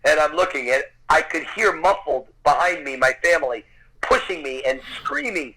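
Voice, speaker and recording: A man's voice: on the high side, animated, moderate pace, bright, forceful tone, slightly rough, poor audio. A man in his fifties, a podcast guest telling a vivid personal story, swearing casually as he goes. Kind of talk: animated anecdote telling.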